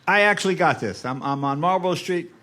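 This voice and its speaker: An older man swaps stories as a comedy guest, landing quick punchlines in a wry, easy way. His voice sits fairly high and bright, swinging up and down with lively pitch. Heard live on a stage. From United States. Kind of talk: casual talk-show chat.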